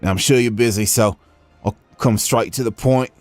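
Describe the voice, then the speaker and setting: A man putting on a brash, gruff tavern keeper with a slangy attempted Cockney accent, read aloud from a fantasy game. Gravel in the attitude rather than the voice, mid-pitched, cocky and blunt, with soft game music playing behind. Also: moderate pace, no echo, close to an everyday voice. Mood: wry. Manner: rough, swaggering, slangy. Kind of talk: reading game dialogue aloud on a stream.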